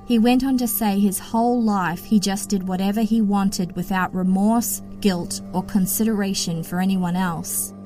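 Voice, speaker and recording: Hosting a true-crime podcast, a woman lays out the case in steady, matter-of-fact scripted narration. Her voice sits at middle pitch, and soft music plays faintly underneath.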